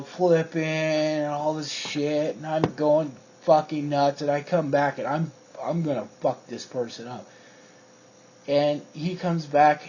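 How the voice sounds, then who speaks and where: A man's voice: a little high, a little mellow. A man telling a rambling personal story in casual talk, swearing freely and using lots of fillers. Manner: profane, rambling, with frequent fillers. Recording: dull lo-fi recording with faint crickets.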